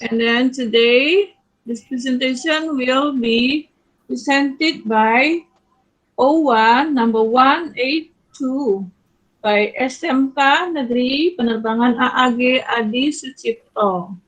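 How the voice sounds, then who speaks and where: A woman's voice: sits high, takes it slowly, low-quality recording. A woman with an Indonesian accent, a teacher moderating an online student competition in English.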